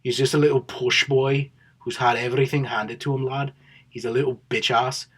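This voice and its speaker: A brash young fighter trash-talks in an attempted Scouse accent , a man putting him on. His voice is husky and sits in a middle pitch. Every line lands as a crude, mocking taunt. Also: steady tone, moderate pace, a bit bright.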